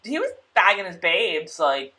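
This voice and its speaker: A woman's voice: lowish voice, very animated, a little slow, bright, forceful tone. A woman co-hosting a casual show recap, chatty and full of "like" and laughter. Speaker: podcast co-host.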